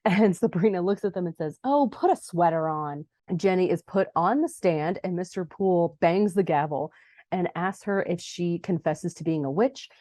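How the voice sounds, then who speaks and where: A young woman with a low-pitched, mellow voice chats her way through a TV episode recap, jumping up into higher tones when she acts out the characters. The recording is close and dry, with no room sound. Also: normal speed, no echo. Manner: chatty, acts out quoted lines in a higher voice. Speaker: podcast host recapping a TV episode. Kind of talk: casual recap narration.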